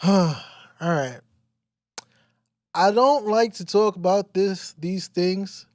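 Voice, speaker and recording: A man's voice: sits high, takes it slowly, a little mellow, dry recording, studio quality. A young man co-hosting a podcast in casual chat, blunt and exasperated, swearing freely. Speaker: podcast co-host.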